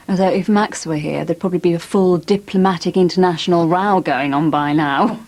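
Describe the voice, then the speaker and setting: A woman's voice: fairly low pitch, normal speed, a little mellow. A middle-aged woman playing a polite, slightly flustered neighbour in a 1990s TV soap.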